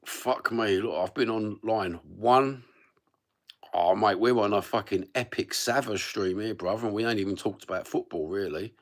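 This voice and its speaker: A man's voice: fairly low pitch, moderate pace. A middle-aged man with an East London accent, rambling through a casual livestream chat, sweary and matey with plenty of slang. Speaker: livestream host.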